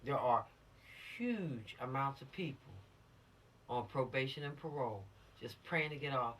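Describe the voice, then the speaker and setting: A woman's voice: a bass voice, unhurried, far from the mic, a little hiss or hum. A woman instructor giving an emphatic, lecturing lesson on the law to teenagers, addressing them directly and urging them to stay out of trouble. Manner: lively and showy. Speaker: teen law-literacy instructor.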